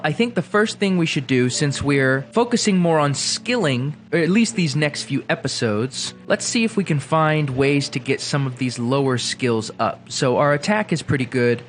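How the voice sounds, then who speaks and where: Animated young man narrating his gameplay. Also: mid-range voice. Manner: chatty, playful, jumps between excited and mumbling. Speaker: gaming video host. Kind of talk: casual gameplay commentary.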